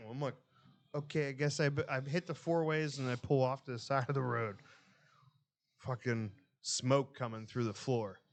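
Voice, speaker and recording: In a casual storytelling chat, a male co-host of a podcast swears freely and brings quotes to life by acting them out. His voice is mid-range and his pace moderate, and his delivery is animated.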